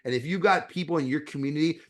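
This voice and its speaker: A man's voice: on the high side, rapid-fire. A middle-aged man from Florida, a dentist talking bluntly in an interview, swearing freely and acting out conversations with patients. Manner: blunt, profane, animated, acts out quoted exchanges. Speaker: dentist and guest.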